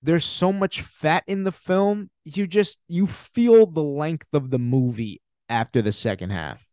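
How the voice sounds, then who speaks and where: A man's voice: a little high, measured pace, darkish tone, dry recording, studio quality. A man hosting a podcast, giving a casual, emphatic film review with frequent swearing and laughter. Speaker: podcast host.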